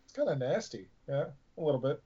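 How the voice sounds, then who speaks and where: A man in a loose chat, blunt and wry, with a swear here and there. His voice sits a little high and moves widely. The recording is dull and lo-fi. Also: sing-song, fast talker, warm tone, husky. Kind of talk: casual chat. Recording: dull lo-fi sound.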